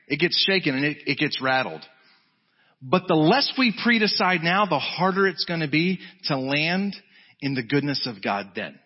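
A man preaching a sermon as pastor, emphatic, swinging from high urgent peaks to low quiet lines. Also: big pitch swings, moderate pace, slightly rough. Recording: dull lo-fi sound.

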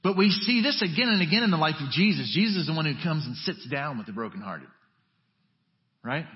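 Male pastor, slightly high voice, conversational sermon with hushed-to-emphatic swings; muffled recording with long sanctuary reverb. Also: lively intonation, fairly quick. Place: church sanctuary. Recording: dull audio with long church reverb.

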